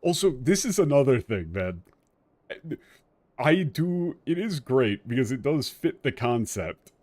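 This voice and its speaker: A man streaming a game, talking casually and ranting in an animated way with frequent restarts. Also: medium pitch, a little slow, no room sound, soft background music. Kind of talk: casual commentary while playing.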